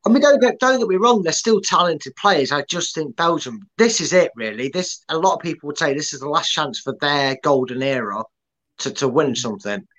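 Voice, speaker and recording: A man's voice: a little high, lively intonation, brisk, a bit bright, low-quality recording. A man co-hosting a casual football prediction chat, playful and rambling, with many restarts. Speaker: podcast co-host.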